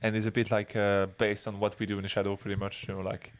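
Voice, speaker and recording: A man's voice: lowish voice, monotone, fast talker, a little hiss or hum. Hesitant man searching for his words. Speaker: podcast co-host. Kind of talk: casual chat.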